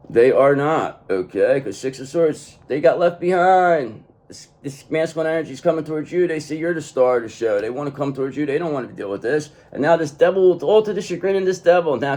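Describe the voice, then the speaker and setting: A man's voice: mid-range voice, a little mellow. A man giving a tarot reading to the viewer, speaking emphatically and tagging nearly every point with "okay?". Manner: emphatic, keeps adding "okay?" after each point. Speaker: tarot reader.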